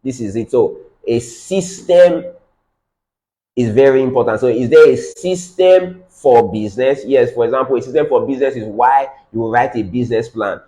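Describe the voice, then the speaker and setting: A man's voice: mid-range voice, dark tone, low-quality recording. A man with a Nigerian accent giving a business training lecture, repeating key phrases for emphasis and checking in with his audience.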